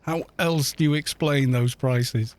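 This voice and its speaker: A man's voice: medium pitch, unhurried, darkish tone. A man streaming a game, chatting casually and ranting in mocking disbelief, rambling with frequent restarts. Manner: incredulous, mocking rant. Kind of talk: casual livestream chat while gaming.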